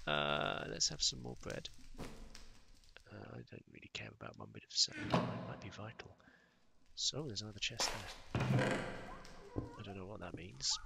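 A man giving relaxed commentary while playing a survival game, wondering aloud and breaking into excited outbursts. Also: fairly low pitch, normal speed, creaky, long pauses, very noisy. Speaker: gaming YouTuber. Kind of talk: Minecraft let's play commentary.

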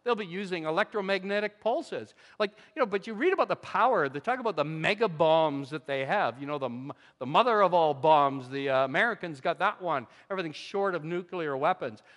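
A man preaching a sermon in a church, animated and conversational, his voice swinging from loud emphasis to quiet asides. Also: fairly high pitch, fairly quick, few pauses. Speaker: pastor. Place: church sanctuary. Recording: long hall reverb.

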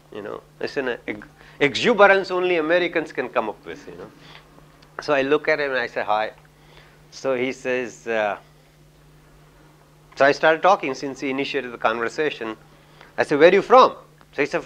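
A man's voice: mid-range voice, lively intonation, moderate pace, long pauses, a bit bright. A middle-aged man from India giving a lecture on communication, telling anecdotes in a chatty way with many "you know"s and laughs.

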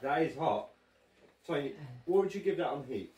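A man's voice: fairly high pitch, animated, moderate pace, darkish tone. A man hosting a casual hot sauce tasting, joking and swearing, hiccuping. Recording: echoey room, far from mic, noisy.

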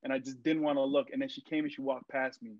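A young man and actor, a podcast guest, telling stories in a casual interview, lively and full of fillers as he acts out what people said. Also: medium pitch, fast, no echo. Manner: animated storyteller, acts out quotes, many fillers. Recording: dry, muffled lo-fi sound.

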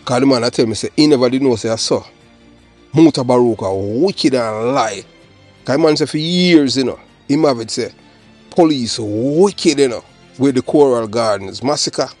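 Jamaican man, channel host, solo commentary, emphatic and rambling, patois-heavy, middling pitch, faint music underneath. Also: moderate pace, darkish tone.

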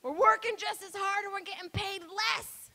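Brash high-voiced woman comic. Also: moderate pace, heavy background noise. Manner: brash, profane, crowd work. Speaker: stand-up comedian. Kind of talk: stand-up comedy set. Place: comedy club stage.

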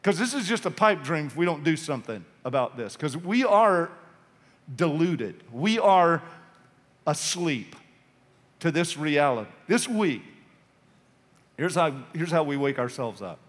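A man's voice: a little high, sing-song, unhurried, pauses often, fairly bright tone. A male pastor preaching an impassioned, urgent sermon in a church sanctuary. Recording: long reverb of a church hall.

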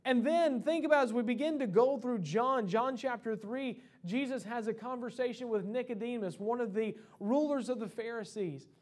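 High-voiced preacher giving a sermon. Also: male voice, normal speed, hardly any pauses. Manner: conversational preaching with many fillers and restarts. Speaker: pastor. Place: church sanctuary.

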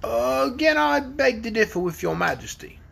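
Man doing a slow gruff storybook dragon, stern and cold, kinda husky. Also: very high voice, very animated, fairly bright tone, voice pushed up, full character voice. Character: stern, crafty male dragon messenger.

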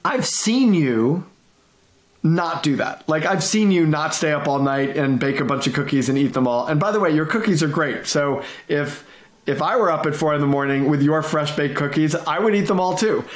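A middle-aged man, a guest consultant, telling stories in a lively conversational way, acting out quotes and laughing often. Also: on the high side, normal speed, echoey room. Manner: animated, repeats and restarts, laughs often, acts out quotes. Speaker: guest, management consultant and author. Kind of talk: conversational interview storytelling.

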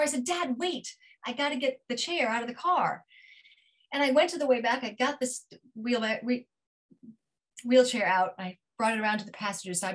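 Animated woman storyteller on a video call. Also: low-quality recording. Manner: animated, acts out dialogue with big pitch jumps; drops to a hushed near-whisper at tender moments. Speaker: featured storyteller. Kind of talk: live personal storytelling.

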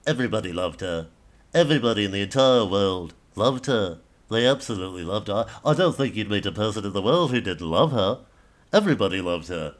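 A man's voice: lowish voice, lively intonation, a little fast, pitched below the performer's own voice, natural voice. A man playing a gushing, insistent commentator.

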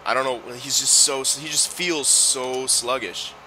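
A young man giving live commentary while playing a hockey video game, griping and swearing at his slow player. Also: medium pitch, fairly even intonation, noisy background. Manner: frustrated, swearing, talking to the game. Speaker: gaming YouTuber.

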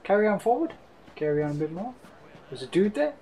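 A man's voice: high-pitched, big pitch swings, brisk, dark tone, a little hiss or hum. A man co-commentating a video game casually, teasing his partner and reading out text from the screen. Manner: teasing, reads out on-screen text, jokes along. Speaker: let's play co-host.

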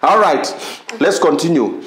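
A man's voice: on the high side, very animated, measured pace, reverberant, a crowd in the background. A man hosting a casual interview, quizzing and teasing his guest playfully. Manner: teasing, playful, bursts of laughter. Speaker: host.

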